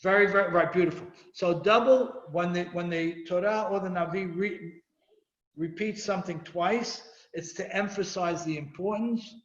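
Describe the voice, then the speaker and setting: A man's voice: high voice, fairly even intonation, moderate pace, a bit bright. A man teaching a Torah class as a rabbi. He reads Hebrew verses, explains them and questions his students. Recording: echoey room, dull lo-fi sound.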